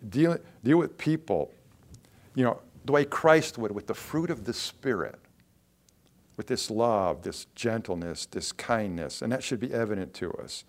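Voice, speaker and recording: A man's voice: on the low side, expressive, a little slow. A man preaching a sermon in a conversational way, asking the listeners questions and acting out short quotes. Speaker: pastor.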